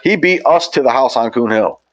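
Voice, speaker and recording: A man's voice: medium pitch, lively intonation, fairly quick. A man hosting a podcast, telling a hunting-dog story in casual, profane, rambling chat. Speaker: podcast host. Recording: dull lo-fi audio.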